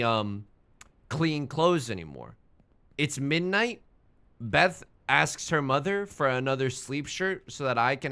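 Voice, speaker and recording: A young man with a slightly high, sharp-toned voice streams a game. He chats casually, rambling and mocking himself, and swears when the game frustrates him.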